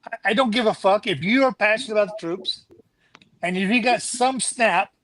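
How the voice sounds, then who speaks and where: A man's voice: high voice, normal speed, a bit bright, no echo, rough recording. A middle-aged man, a charity founder and Army veteran, talking candidly and swearing now and then as a guest on a casual show. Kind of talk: casual chat.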